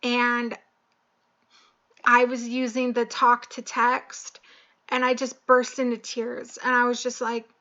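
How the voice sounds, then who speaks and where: Young woman vlogging, choked up, slow and halting, kinda flat, dull lo-fi sound. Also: a little high. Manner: slow, halting and emotional, with many pauses and fillers. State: tearful, choked up. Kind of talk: personal confessional vlog.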